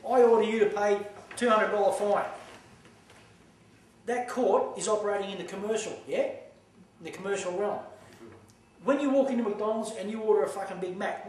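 A man's voice: sits high, a little mellow. An Australian man giving a blunt, profane lecture to a live audience, telling stories from his own life. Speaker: seminar speaker. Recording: echoey hall from far off, faint noise.

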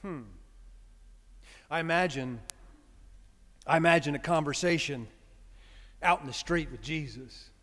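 A priest preaching a conversational, story-driven sermon. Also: male voice, on the high side, unhurried, pauses often, a bit bright. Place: church sanctuary. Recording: reverberant church hall.

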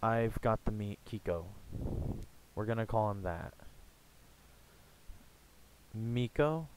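A young American man chatting casually in a rambling, halting way, full of fillers and restarts. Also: fairly low pitch, animated, smooth, rough recording. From United States. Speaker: gaming YouTuber. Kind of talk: casual rambling vlog chat.

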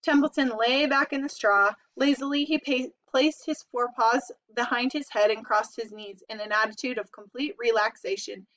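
Lady reading a kids book out loud, kinda high voice, dull lo-fi recording. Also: moderate pace, hardly any pauses. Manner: expressive read-aloud narration. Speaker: storybook reader. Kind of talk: reading a children's novel aloud.

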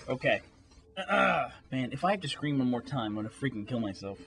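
A man grumbles wryly between takes in a voice recording session. His voice moves lively up and down. A faint hiss sits under it. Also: mid-range voice, fairly quick, creaky. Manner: wry, grumbling. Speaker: voice actor.

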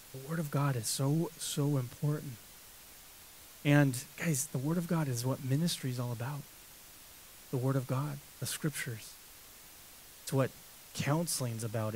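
A man's voice: mid-range voice, a little mellow, slight background noise. A man preaching an expository sermon as pastor, emphatic and repetitive, with many restarts and fillers.

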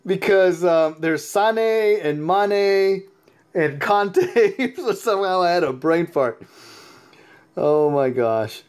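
A tired, sleepy man giving chatty, excitable gameplay commentary as host of his own channel, laughing often. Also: high-pitched, takes it slowly, smooth. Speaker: mobile game player and YouTube host.

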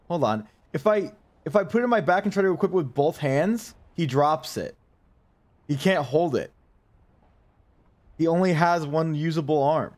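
A man streaming live, chatting to his viewers in a joking, profane way while testing a voice changer. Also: fairly high pitch. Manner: joking, profane, addresses chat directly. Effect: voice changer being tested. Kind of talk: casual livestream chat.

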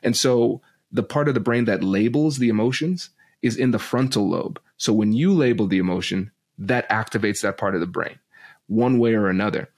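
Brief: deep man with gravelly fry, animated explainer, podcast guest. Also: normal speed. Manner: animated teacher-like explaining, laughs often. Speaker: guest, negotiation and conflict expert.

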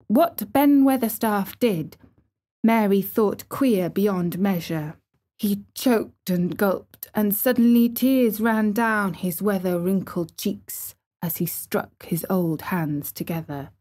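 A woman narrating an audiobook in a slow, deliberate reading style. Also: mid-range voice, warm tone. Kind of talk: scripted narration.

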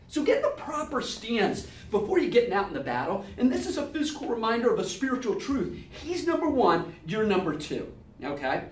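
A man teaching a lively Sunday school Bible lesson who acts out little scenes with sound effects and voices. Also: high-pitched. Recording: echoey room, mic at a distance.

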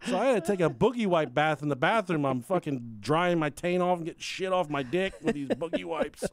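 A man hosting a podcast, telling a crude, animated story casually with frequent laughter. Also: fairly high pitch, brisk, no room sound. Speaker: podcast host.

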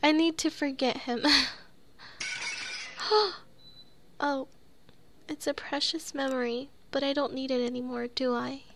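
A woman's voice: sits high, level tone, moderate pace, a little hiss or hum. A woman voicing a timid, tearful young woman in a horror game, reading her pleading, self-blaming lines aloud. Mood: resigned.

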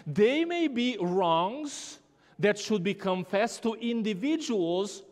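A male pastor delivers a slow, measured sermon in a church. His voice is high and swings widely in pitch as he tells a story and acts out the people in it. A long reverb trails every phrase around the sanctuary. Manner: animated storytelling, acting out a child's and mother's voices.

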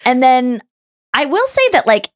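A woman's voice: high-pitched, very animated, normal speed, dry recording, clean studio sound. A woman hosting a podcast in casual chat, gushing and chatty with lots of fillers and restarts. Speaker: podcast host.

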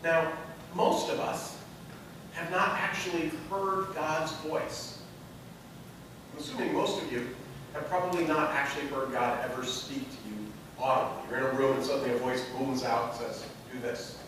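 A man preaching a sermon as pastor, telling a story and building to loud, emphatic peaks. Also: medium pitch, fairly even intonation, moderate pace, noisy background. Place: church sanctuary. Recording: echoey sanctuary, mic from a distance.

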